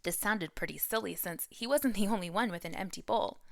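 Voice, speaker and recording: A woman who is a teacher, reading a children's picture book aloud with expressive storytelling. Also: mid-range voice, brisk, gravelly, no room sound, clean studio sound.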